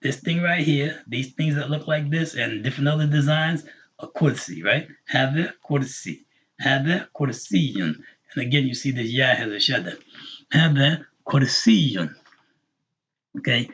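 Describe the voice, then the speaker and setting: Man, language teacher, husky voice, patient, repeats words slowly, slightly muffled live stream audio. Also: medium pitch, lively intonation, a bit bright. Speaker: Arabic teacher. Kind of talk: live online language lesson.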